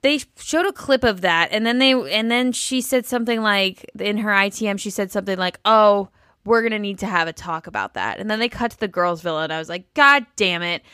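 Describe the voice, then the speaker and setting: A woman's voice: medium pitch, fairly quick, few pauses, pushed and bright, clear, resonant tone, no room sound, clean studio sound. A woman co-hosting a podcast, blunt and sarcastic in casual chat about a reality show. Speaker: podcast co-host.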